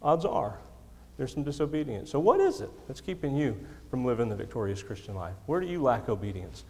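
A man preaching in a church sanctuary, his voice ringing with a long hall reverb. He presses his points by repeating them and pokes fun at himself, sitting at a middle pitch. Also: big pitch swings, brisk, dark tone. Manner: emphatic, repeats key lines, self-deprecating humor. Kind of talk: sermon. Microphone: handheld or stand microphone.

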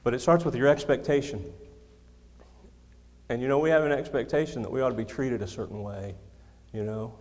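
A man's voice: mid-range voice, fairly quick, darkish tone. A man preaching a sermon to his congregation into a microphone, emphatic, repeating key lines, with self-deprecating humor. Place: church sanctuary. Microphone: handheld or stand microphone. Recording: long hall reverb.

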